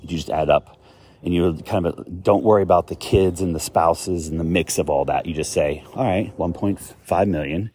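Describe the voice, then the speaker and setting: A middle-aged man explaining healthcare costs in a casual, earnest, rambling way that turns animated and emphatic. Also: low-pitched, normal speed, slight background noise. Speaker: healthcare cost advisor.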